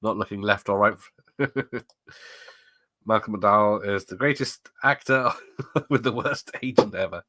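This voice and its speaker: A middle-aged man keeps up casual live commentary at his watch party, laughing often and straying into asides while reading chat. His lowish voice sounds pushed and bright, unhurried with long pauses, on a dry recording.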